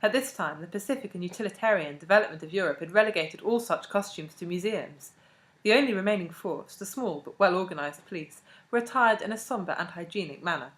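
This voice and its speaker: A woman narrating a classic novel as an audiobook, in a measured and expressive way. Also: lowish voice. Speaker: audiobook reader.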